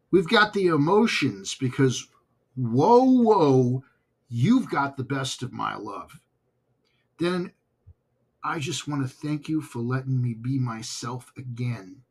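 A male podcast host talks unhurriedly, with a husky edge to his voice. His delivery is earnest and grateful, in a casual solo-show style. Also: mid-range voice, fairly bright tone. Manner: heartfelt and grateful, slow and earnest.

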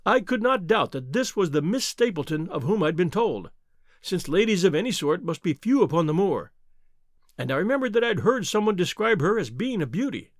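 A man reading a classic novel aloud as an expressive first-person narrator. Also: high voice, brisk, dry recording, studio quality.

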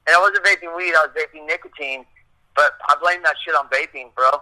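A man's voice: a little high, fairly quick, pushed and bright, low-quality recording. A middle-aged man telling a rambling, profane story in a casual chat, acting out what people said. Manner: profane, rambling, acts out quotes.

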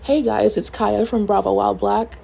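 A woman's voice: mid-range voice, fairly even intonation, moderate pace, vocal fry, warm tone, breathy edge, rough recording. A woman podcast guest speaking casually and bluntly, introducing her impressions. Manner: blunt, dismissive. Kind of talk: casual commentary.

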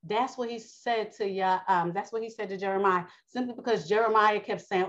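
A woman's voice: a little fast, few pauses. A woman preaching a casual sermon, reading scripture and talking straight to her listeners, calling them honey and baby. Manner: animated, rising high when quoting the Most High. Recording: lo-fi dull audio.

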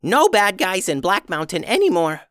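Goblin king, small and stubborn, played by a man pitched up high, talking in short, blunt, simple lines with a lot of bounce. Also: wildly swooping pitch, moderate pace, fairly bright tone, no room sound, clean studio sound, full character voice. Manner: short simple sentences, childlike.

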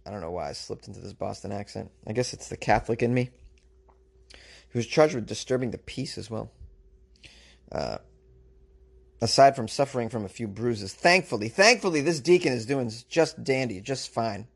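A man's voice: medium pitch, moderate pace, creaky, long pauses, a little mellow, breathy edge. A man hosting a podcast, giving comic commentary on a news story in a rambling, self-mocking, joking way. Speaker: podcast host.

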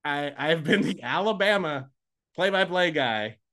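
A man in his forties, a play-by-play announcer co-hosting a sports podcast in casual, dry, self-mocking chat, quick to laugh. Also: a little high, lively intonation, sharp tone.

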